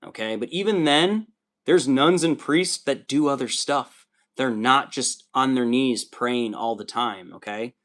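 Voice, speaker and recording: A man's voice: medium pitch, unhurried, fairly bright tone. Rambling, swearing male streamer. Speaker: livestream host. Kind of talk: casual chat while building miniatures.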